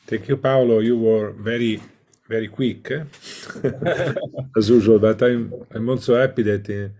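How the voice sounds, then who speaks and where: A man with an Italian accent, a professor giving a welcome talk online with many pauses and filler sounds. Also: lowish voice, steady tone, warm tone. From Italy. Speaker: professor, invited lecturer.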